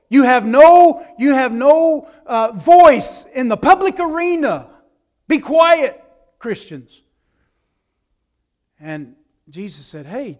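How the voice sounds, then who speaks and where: High-pitched slow preaching man. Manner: preaching with swings between quiet asides and raised emphatic lines. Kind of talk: sermon.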